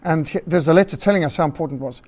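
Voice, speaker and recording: A man teaching a church group about public speaking, emphatic and lively, listing his points and acting out rambling callers. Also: fairly high pitch, rapid-fire. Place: meeting hall.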